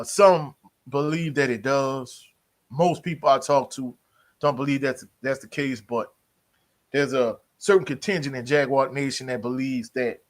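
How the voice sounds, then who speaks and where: A man's voice: mid-range voice, a bit bright. Laid-back slangy man hosting live sports talk. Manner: laid-back, slangy, greets chat members. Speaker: sports livestream host.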